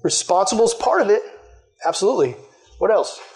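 High-voiced chatty young man preaching. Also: big pitch swings, a little fast, darkish tone. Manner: chatty, loaded with "like" fillers, conversational. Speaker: youth pastor. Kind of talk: casual sermon with audience questions.

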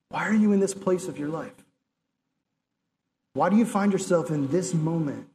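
A man's voice: a little high, moderate pace, long pauses, a little hiss or hum. A man giving a sermon in an earnest, conversational way, talking straight to his listeners and acting out lines of dialogue. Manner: acts out God's and Elijah's words in lively asides. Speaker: preacher.

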